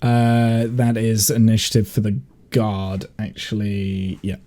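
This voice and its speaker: A man narrating as game master in a relaxed, hesitant way with many fillers. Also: fairly low pitch, takes it slowly.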